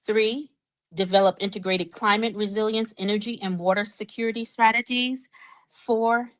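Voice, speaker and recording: A woman speaking as a panel discussant in a video call, reading prepared academic remarks in a formal, measured way and working through a list of points. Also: medium pitch, a bit bright, dry recording, low-quality recording.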